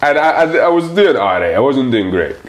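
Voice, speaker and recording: A man's voice: mid-range voice, very animated, brisk. A man hosting a casual podcast chat, laid-back and swearing freely. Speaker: podcast host.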